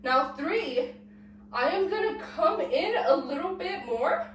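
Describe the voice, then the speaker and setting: A woman's voice: high voice, expressive, slow pace, distant mic, a little hiss or hum. A young woman, sick and out of breath, teaching a dance step by step and counting the beats aloud while she moves. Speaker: dance tutorial host. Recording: echoey room, voice off-mic.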